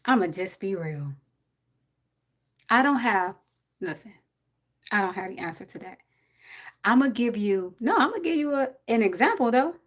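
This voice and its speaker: Blunt, animated woman in her forties. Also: medium pitch, moderate pace, long pauses. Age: 40s. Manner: blunt, animated, preachy advice with swearing. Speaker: livestream host giving advice to a viewer. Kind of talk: casual livestream chat.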